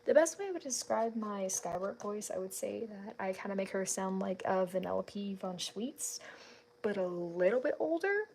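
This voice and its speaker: Woman streamer, casual chat while drawing, mid-pitched, chatty and giggly, held-back volume, home at night. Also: expressive, normal speed, gravelly, darkish tone, a little hiss or hum. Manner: chatty, laughs often, greets viewers; keeps her voice down so her family is not disturbed. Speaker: art streamer.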